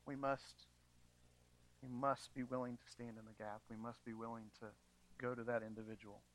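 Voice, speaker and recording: A pastor preaching a sermon to his congregation, moving from quiet, measured passages to emphatic, raised appeals. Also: mid-range voice, flat delivery, poor audio. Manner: earnest preaching, swings between quiet and emphatic.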